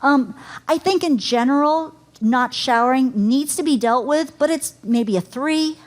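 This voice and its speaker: A woman's voice: high voice, unhurried. A middle-aged woman teaching a caregiving workshop to a live audience, chatty, laughing easily and asking the room questions. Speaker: caregiving educator.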